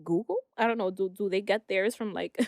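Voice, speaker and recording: A woman's voice: medium pitch, moderate pace, vocal fry, darkish tone, no room sound, studio quality. A young woman co-hosting a casual podcast, playful and rambling, laughing often. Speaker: podcast co-host.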